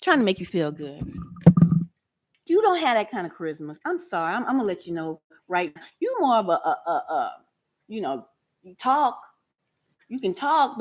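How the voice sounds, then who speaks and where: Mocking, lively woman vlogger. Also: mid-range voice, no echo. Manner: confrontational and mocking, talks straight at the person she answers; drawling, repeats words for emphasis. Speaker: YouTube commentator. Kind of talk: reaction video commentary.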